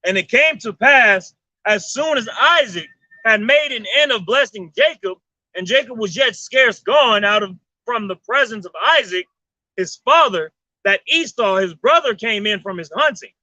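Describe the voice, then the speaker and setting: A man's voice: sits high, animated, moderate pace, pushed and bright, dry recording. A man reading Bible verses aloud and calling out each verse number first. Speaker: scripture reader. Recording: dull lo-fi sound.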